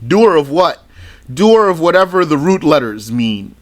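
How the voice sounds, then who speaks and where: A man with a fairly high voice and big swings in pitch teaches a slow, unhurried religious studies lesson. He reads a list out item by item, adding brief explanatory asides.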